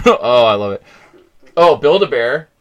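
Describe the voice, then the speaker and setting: A middle-aged man hosting a casual movie chat, excitable and rambling. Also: mid-range voice, unhurried, lo-fi sound. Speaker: podcast host.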